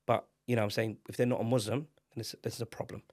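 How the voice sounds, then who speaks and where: Man, podcast co-host, animated, loud outbursts, mid pitch. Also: quick pace, dry recording, clean studio sound. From England. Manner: animated and emphatic, rising to loud exclamations. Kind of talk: casual podcast chat.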